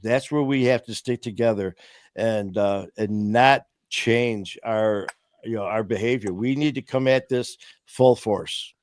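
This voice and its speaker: A man's voice: on the low side, measured pace, no echo. A man hosting a casual talk show, telling stories in an impassioned, rambling way full of "you know" fillers. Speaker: host of a recovery talk stream.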